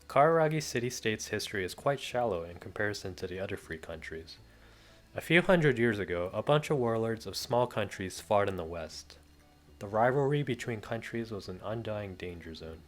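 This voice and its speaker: A man reading a translated novel aloud as an amateur reader, plainly and a little hesitantly. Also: fairly low pitch.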